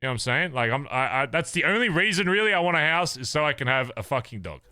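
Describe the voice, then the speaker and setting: Animated Australian man ranting to chat. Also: fairly high pitch, fast talker, no room sound, faint music behind. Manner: animated, swearing, ranting playfully. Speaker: livestreamer. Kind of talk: casual chat to stream viewers.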